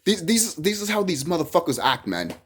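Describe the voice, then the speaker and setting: Husky, heated ranting vlogger. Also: medium pitch, big pitch swings, fairly quick. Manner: heated, profane, repeats phrases and restarts. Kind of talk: ranting monologue to camera.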